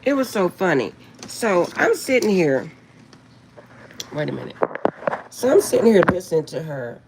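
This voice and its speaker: A woman's voice: on the low side, sing-song, moderate pace, very noisy. A middle-aged woman card reader chatting casually with viewers, laughing often as she tells a story, recorded at home on a phone. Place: at home, indoors.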